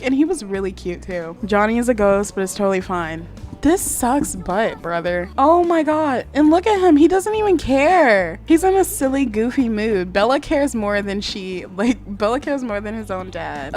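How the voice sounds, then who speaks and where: A woman commenting casually on a life-simulation game, chatty and excitable, often laughing and doing quick voices. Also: a little high. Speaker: gaming vlogger. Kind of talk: casual let's-play commentary. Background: background music.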